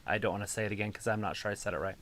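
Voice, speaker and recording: A man's voice: on the low side, fairly even intonation, racing, a bit bright, no room sound. A man co-hosting a wrestling watch-along, giving laid-back commentary with dry remarks. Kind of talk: casual match commentary.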